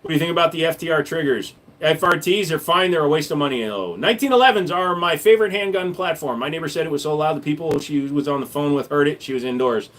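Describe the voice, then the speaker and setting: Man, livestream host, casual chat, blunt and profane, joking, slightly high voice. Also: quick pace, few pauses, a bit bright.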